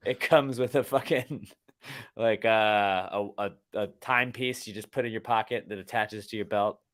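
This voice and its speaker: A man's voice: fairly low pitch, fairly even intonation, moderate pace, a bit bright. A young man co-hosting a casual podcast chat, rambling, swearing freely and slipping into silly voices. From Texas. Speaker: podcast co-host.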